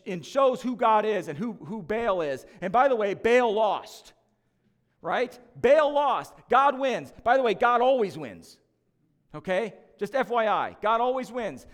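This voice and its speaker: A man's voice: extremely high pitch, fairly bright tone, long reverb tail. A man preaching a sermon as lead pastor, conversational and emphatic, with joking asides to the church.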